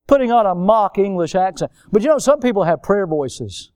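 A male pastor preaching a sermon, swinging between loud emphatic outbursts and low, quiet asides. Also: a little fast, few pauses, no echo, clean studio sound. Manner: animated, swings from loud high exclamations to low quiet remarks.

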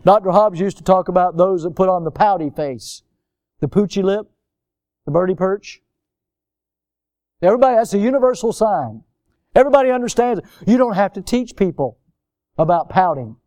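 A male pastor preaching a sermon, swinging between loud emphatic outbursts and low, quiet asides. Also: moderate pace, long pauses, no room sound, clean studio sound. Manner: animated, swings from loud high exclamations to low quiet remarks.

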